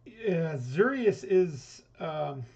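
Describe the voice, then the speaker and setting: A man's voice: on the high side, very animated, drawn-out words, a little mellow, slightly rough, lo-fi sound. A man playing in a tabletop game, explaining his character in a loose, rambling way. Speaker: player. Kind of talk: tabletop role-play.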